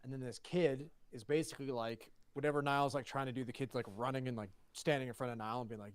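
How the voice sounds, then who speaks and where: A man co-hosts a podcast and tells a story in casual chat, acting out each side of the exchange and swearing freely. His voice sits at an ordinary pitch. The mic is close and dry, with no room sound. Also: fast talker, clear, resonant tone, no room sound. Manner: animated, swearing, acts out dialogue. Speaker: podcast co-host.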